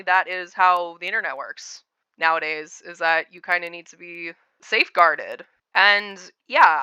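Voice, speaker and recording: Woman ranting casually, sarcastic, lots of "you know", super crisp voice, dry sound. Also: fairly low pitch, pushed and bright, no echo. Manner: blunt, sarcastic, frequent filler words. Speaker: commentary YouTuber. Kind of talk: casual reaction commentary.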